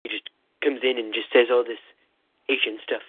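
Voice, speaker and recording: A man doing a comic impression of a rambling, boastful male president, calling in over a phone line with a husky voice. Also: medium pitch, little pitch movement, normal speed, dry recording, natural voice. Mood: blustering. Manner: rambling, repetitive "listen", boastful bluster. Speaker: comedy caller. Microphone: phone call-in. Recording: tinny phone line, dry.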